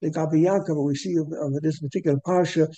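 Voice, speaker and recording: A man's voice: on the high side, steady tone, fast, warm tone. Man teaching a Torah class. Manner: repetitive, digressive explaining with Hebrew terms.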